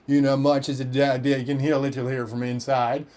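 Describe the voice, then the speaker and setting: A man's voice: medium pitch, a little fast, few pauses, darkish tone. Rambling, cursing Australian man. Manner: rambling, profane, acts out quoted voices. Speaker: podcast host. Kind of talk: casual storytelling.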